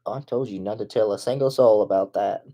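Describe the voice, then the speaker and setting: A man doing an absurd improvised comedy monologue, rambling and stammering, swinging from mumbled asides to excited outbursts. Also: lowish voice, fairly quick, muffled recording. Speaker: comedic vlogger.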